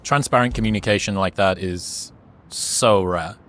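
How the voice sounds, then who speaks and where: A man's voice: low-pitched, unhurried, noisy background. A man interviewing a guest, making brief reflective remarks and asking questions.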